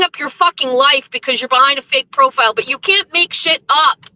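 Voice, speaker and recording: A young woman livestream host telling a story in a blunt, profane, animated way while driving in a car. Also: sits high, a little fast, hardly any pauses, dry recording, low-quality recording. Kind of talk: casual profane livestream rant.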